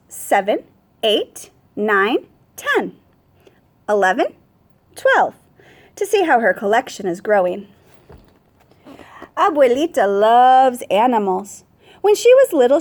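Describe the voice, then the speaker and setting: A woman who teaches first grade, reading a picture book aloud to children with expressive storytelling and Spanish words spoken with ease. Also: fairly high pitch.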